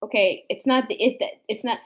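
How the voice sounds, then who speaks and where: A woman chatting casually with her sister, telling embarrassing stories in an animated way and acting out the quotes. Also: on the high side, a little fast. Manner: animated storytelling with acted quotes. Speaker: youtuber. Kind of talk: casual chat.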